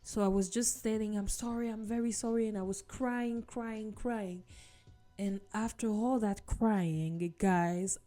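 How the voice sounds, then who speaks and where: Woman telling her faith story real slow, mellow tone, earnest and chatty, soft music behind. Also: medium pitch. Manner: earnest, storytelling, addresses viewers as guys. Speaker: vlogger sharing her testimony. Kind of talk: casual personal testimony. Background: soft background music.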